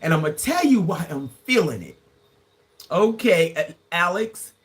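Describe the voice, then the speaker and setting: A woman's voice: on the low side, very animated, moderate pace. A woman about to turn sixty-one, chatting playfully with viewers on a casual livestream and laughing often. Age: 60s. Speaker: livestream host. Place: indoors, live from Grenada.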